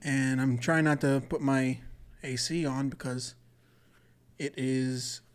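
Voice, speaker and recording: A solo comedy podcast host talks slowly in a steady, medium-pitched male voice. He meanders, uses plenty of profanity, and often stops himself mid-thought.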